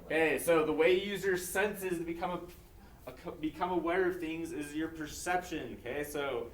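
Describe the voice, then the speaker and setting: A man teaching a live class, heard from across an echoey classroom with faint noise. He drills new words by call and response and repeats his prompts, peppering his talk with "okay." His voice sits at an ordinary pitch. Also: moderate pace, distant mic.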